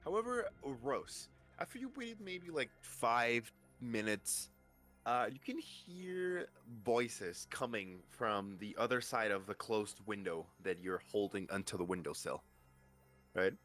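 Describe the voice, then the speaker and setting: A man narrating a tabletop game as game master, halting with many restarts and fillers. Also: medium pitch, lively intonation, fairly bright tone, soft background music.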